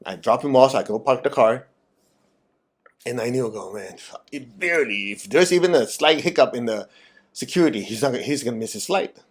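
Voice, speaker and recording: A man giving a spiritual talk and guided meditation, direct and animated, asking his listeners teasing questions. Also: medium pitch, normal speed, breathy edge. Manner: animated, acts out quoted voices. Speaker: meditation teacher.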